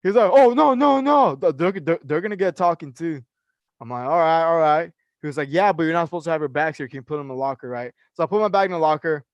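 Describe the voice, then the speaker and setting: Recorded cleanly with no room sound and the highs cut off, a young man from California who works as a personal trainer talks fast in a high-sided voice. He tells a story in casual podcast banter, animated, full of fillers, and heavy on swearing.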